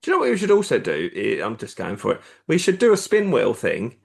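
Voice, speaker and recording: A man's voice: medium pitch, huge pitch swings, brisk, vocal fry. A man co-hosting a horror podcast, joking and teasing over a call. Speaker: podcast co-host. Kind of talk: casual podcast chat.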